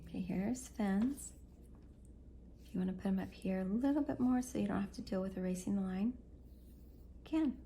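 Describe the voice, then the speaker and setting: A woman's voice: mid-range voice, moderate pace, pauses often, dark tone, slight background noise. A woman in her thirties giving a chatty, encouraging step-by-step drawing lesson for kids, thinking aloud as she draws. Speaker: art teacher.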